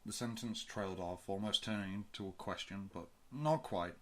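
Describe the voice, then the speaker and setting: In a low, steady voice, a man narrates a science-fiction audiobook as a fan reading. He tells the story in a measured, even way, pausing between phrases.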